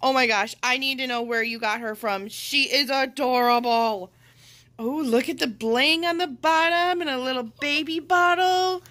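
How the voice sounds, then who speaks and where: A woman in her thirties, a mother and vlogger, gushing and gasping with excitement as she opens a gift package at home. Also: high voice, normal speed. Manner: gushing, gasping, says "oh my gosh" often. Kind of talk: excited unboxing chat.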